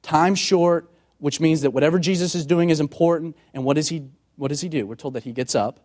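A man preaching a sermon as a pastor, moving from loud emphatic passages to quiet, hushed ones and acting out voices in quoted dialogue. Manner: dramatic, sweeping from loud emphatic highs to hushed tones.

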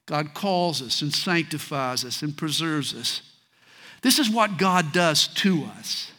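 A man preaching a sermon in a folksy way, swinging between loud declarations and soft asides. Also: high-pitched. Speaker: pastor.

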